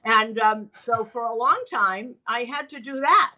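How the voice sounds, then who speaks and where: An older woman broadcaster telling animated stories from her career in an interview, often quoting other people. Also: on the high side, fairly quick, few pauses, poor audio. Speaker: guest broadcaster. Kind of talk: storytelling in a podcast interview.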